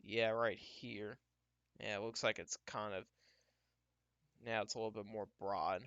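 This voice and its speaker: Bright, clear-voiced man tracking storms live. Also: on the low side, fairly even intonation, no room sound, lo-fi sound. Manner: thinking aloud, casual and unhurried with restarts. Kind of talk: live weather commentary.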